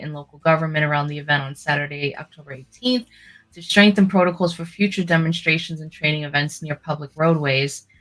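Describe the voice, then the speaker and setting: A woman's voice: deep voice, fairly bright tone. A woman co-hosting a political talk show, chatting casually with lots of "you know" fillers and reading news stories aloud. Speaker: podcast co-host.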